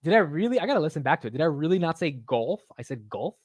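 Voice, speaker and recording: A man's voice: on the high side, big pitch swings, fast, dry recording. Chatty man hosting a market livestream. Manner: loose and chatty, says "dude" a lot, jokes at his own expense. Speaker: livestream market show host. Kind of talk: casual live-stream chat.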